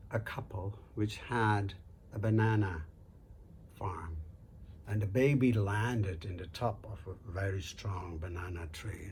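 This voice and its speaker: Slow-paced male storyteller. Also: fairly low pitch, a little hiss or hum. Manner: unhurried, conversational storytelling with fillers. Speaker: storyteller host. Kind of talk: oral folk-tale telling.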